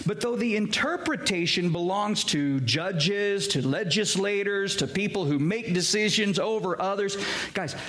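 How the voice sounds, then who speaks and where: A man's voice: high voice, a bit bright. A man preaching a sermon as pastor, earnest and direct, calling his listeners "guys" and asking them rhetorical questions.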